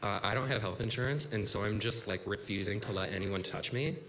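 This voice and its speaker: Before a bar audience at a story slam, a thirtysomething man rambles casually through a personal tale, saying "like" constantly. His lowish voice is gravelly, a bit bright, and fairly quick, echoing in a live room with faint noise.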